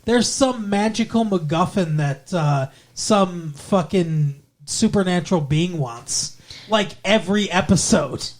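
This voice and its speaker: A man's voice: high-pitched, lively intonation, unhurried. Sarcastic, swearing male podcast host. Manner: sarcastic, swears a lot, playful teasing. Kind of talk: casual chat.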